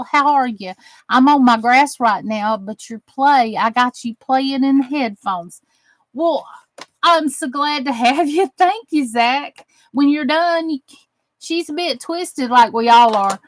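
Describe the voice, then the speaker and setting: Southern woman craft host, chatty and folksy, slow drawl, slightly high voice. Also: lively intonation, low-quality recording. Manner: chatty, warm-hearted, drawling with folksy phrases. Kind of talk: casual livestream chat while crafting.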